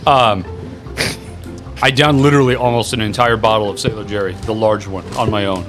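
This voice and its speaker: A man's voice: lowish voice, brisk, over music. A young man co-hosting a podcast, telling crude stories in a rambling, swearing, casual way. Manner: rambling, swearing, animated storytelling. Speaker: podcast co-host. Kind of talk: crude casual chat among friends.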